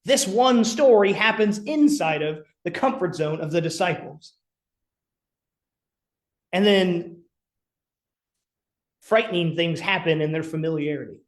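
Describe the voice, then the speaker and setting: High-voiced man preaching a sermon. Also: lively intonation, unhurried, long pauses. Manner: earnest preaching with dramatic quiet drops. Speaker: pastor.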